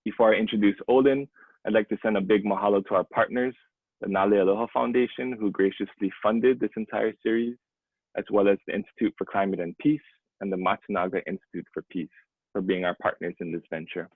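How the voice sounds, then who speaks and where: A man's voice: lowish voice, steady tone, fast, husky, no room sound, phone-quality sound. A man, hosting a webinar and reading a gracious, earnest introduction. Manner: earnest, gracious, a few fillers. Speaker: webinar host. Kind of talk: scripted introduction. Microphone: video call.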